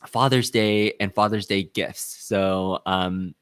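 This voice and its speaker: A cheerful man hosts a relaxed live stream chat, welcoming viewers one by one. His voice sits on the low side and sounds dry and close to the mic. He fills gaps with casual ums and uhs. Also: slow pace, smooth, no echo. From Los Angeles area. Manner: upbeat, shouts out viewers by name, many fillers.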